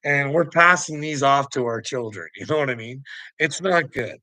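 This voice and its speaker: Bright-voiced man, swearing and ranting, laughs a lot, very dry close sound. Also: mid-range voice, expressive, normal speed, no echo, rough recording. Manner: profane, heated, laughing between lines. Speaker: vlogger. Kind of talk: ranting monologue to camera.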